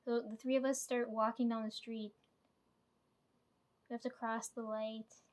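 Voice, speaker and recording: Woman vlogger, slightly high voice, rambly casual storytelling peppered with "right?" and the odd swear. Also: flat delivery, measured pace. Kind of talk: casual dream retelling.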